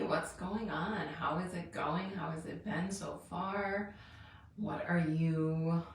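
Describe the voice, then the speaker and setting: Chatty woman, lower voice, echoey room. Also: fairly bright tone, distant mic. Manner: chatty, rambling, laughs often, greets viewers by name. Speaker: money coach hosting a live challenge. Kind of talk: casual live-stream chat.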